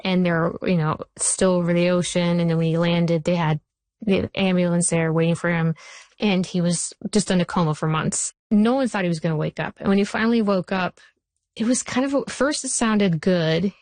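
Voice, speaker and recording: Lively storytelling woman, lowish voice. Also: no echo. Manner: animated storyteller, rushes through anecdotes. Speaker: TV writer and showrunner. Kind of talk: interview guest.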